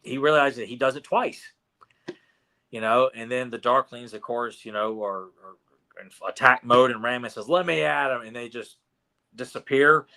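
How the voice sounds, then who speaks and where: A man co-hosting a podcast, recapping a cartoon in casual chat, animated and restarting often. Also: medium pitch. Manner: animated, acts out quotes with many restarts. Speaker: podcast co-host.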